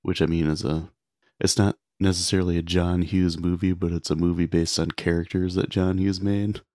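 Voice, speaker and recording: This podcast co-host has a low, mellow voice with a level tone and normal pace, captured in clean, echo-free studio sound. He casually rambles through movie scenes, packing his retelling with filler words.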